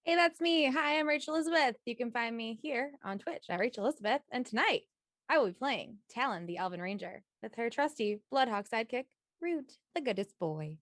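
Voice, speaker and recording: A woman's voice: a little high, lively intonation, a little fast, a bit bright, no room sound, studio quality. A woman in a tabletop game stream reading an upbeat recap of the last session, now and then stumbling and correcting herself. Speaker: player giving the session recap.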